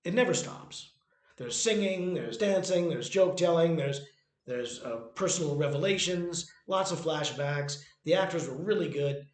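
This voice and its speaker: A man's voice: on the high side, lively intonation, moderate pace. Rambling man in an echoey room. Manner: rambling, many restarts and fillers. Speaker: playwright and author presenting his own work. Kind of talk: casual spoken commentary.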